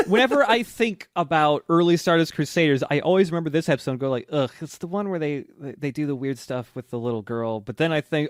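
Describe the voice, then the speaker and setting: A man co-hosting a podcast talks in a slightly high, very lively voice and rushes through scene retellings between frequent laughs. He sounds close and dry, with no room sound. His delivery is animated chat, not a read script. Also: no room sound. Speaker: podcast co-host. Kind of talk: casual recap chat.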